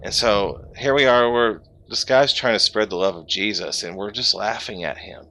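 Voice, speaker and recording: Emotional man with a bright, forceful voice. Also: lowish voice, moderate pace. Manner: heartfelt and emotional, rambling with restarts. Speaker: pastor and gaming streamer. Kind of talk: personal testimony on a live game stream. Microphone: gaming headset.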